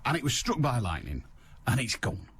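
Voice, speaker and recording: A man's voice: mid-range voice, huge pitch swings, moderate pace, fairly bright tone, slight background noise. A huffy, put-upon bishop pleads his claim in a bouncy comic impression voice that swings up and down as he protests, as a radio host acts him out. The delivery is broad and jokey, a spoof rather than a real clergyman. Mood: indignant. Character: aggrieved male bishop complaining to an insurer.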